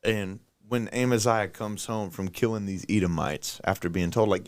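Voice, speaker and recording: A man co-hosting a podcast, reading and retelling scripture in a relaxed, slangy, humorous way. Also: on the low side, moderate pace. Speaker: podcast co-host. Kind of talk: casual scripture reading and discussion.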